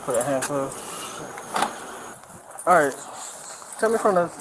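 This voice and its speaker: A police officer speaks calmly and briefly, recorded on a bodycam. Loud noise runs under his voice. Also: medium pitch, unhurried. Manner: calm, brief acknowledgements. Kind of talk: calm police questioning. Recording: noisy bodycam audio.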